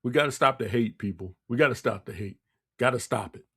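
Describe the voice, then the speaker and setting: A man's voice: medium pitch, brisk, fairly bright tone, slightly rough. A man hosting a radio talk show, delivering a blunt, scolding political monologue with lots of repetition. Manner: blunt, scolding, repeats himself.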